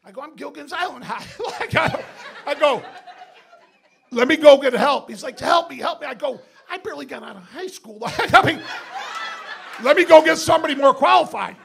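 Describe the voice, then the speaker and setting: A man's voice: very high voice, lively intonation, normal speed, gravelly, fairly bright tone. A male stand-up comedian telling a profane story on stage in a comedy club, laughing through his punchlines. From Binghamton, New York.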